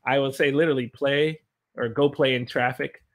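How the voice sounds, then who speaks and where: A man's voice: mid-range voice, steady tone, normal speed. A man with an American accent teaching English in a casual livestream from his room at home, joking, laughing often and reading viewer comments aloud. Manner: playful, jokey, laughs often.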